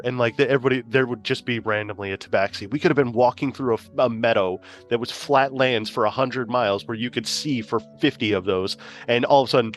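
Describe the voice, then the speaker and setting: A man in an ordinary middle pitch tells a loose, profane story about a game night. He rambles, restarts and laughs as he goes, and faint music plays quietly in the background. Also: brisk. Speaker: player. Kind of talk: casual chat.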